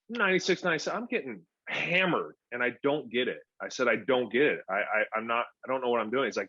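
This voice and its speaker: A man in his forties, a former pro pitcher, telling stories as a podcast guest and acting out the dialogue. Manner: animated storyteller who acts out quoted dialogue. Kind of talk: casual storytelling interview. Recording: dull lo-fi podcast audio.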